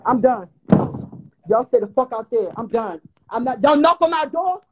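Drunk, exasperated high-voiced young man. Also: lively intonation, normal speed, lo-fi sound, noisy background. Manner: loud, exasperated, slurring complaints. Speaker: livestream guest. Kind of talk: drunken livestream chat.

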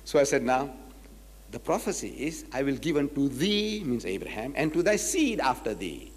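A man from South Africa giving a public lecture as a Muslim preacher, telling stories with acted-out dialogue and slowing down to quote scripture. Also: mid-range voice, husky, big-room sound. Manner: animated storytelling, acts out dialogues, slows to quote scripture.

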